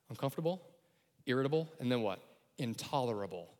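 Animated preacher in a reverberant hall. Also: male voice, medium pitch, fast. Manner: animated, acts out voices and shouts the key lines. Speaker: pastor. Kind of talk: sermon.

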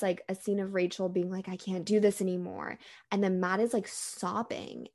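Woman, young adult, podcast co-host, casual chat, mid pitch, gravelly fry, laid-back. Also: darkish tone. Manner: casual, says "dude" and "like" a lot.

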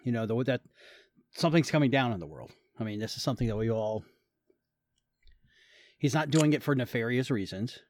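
A man's voice: mid-range voice, lively intonation, brisk, long pauses, a little mellow. A man chatting casually with a friend about a movie, joking and rambling, often restarting his sentences. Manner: joking, rambling, self-interrupting. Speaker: podcast co-host watching a movie. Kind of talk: casual chat.

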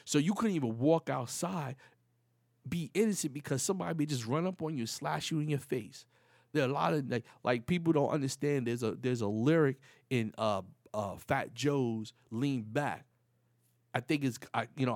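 A man's voice: medium pitch, normal speed, dry recording, studio quality. A middle-aged man from the Bronx with a New York accent, telling stories in casual talk that gets heated. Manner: animated, heated when acting out stories.

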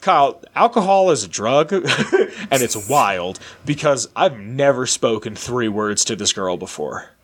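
Lively man telling a story. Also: mid-range voice, unhurried. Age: late 20s. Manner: animated, acts out quoted voices. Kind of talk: casual storytelling chat.

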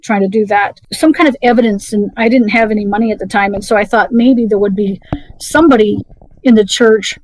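A woman's voice: mid-range voice, steady tone, darkish tone, no room sound, low-quality recording. Middle-aged woman guest, hesitant storyteller, dry recording. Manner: halting, many restarts and fillers. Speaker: interview guest. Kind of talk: personal story in conversation.

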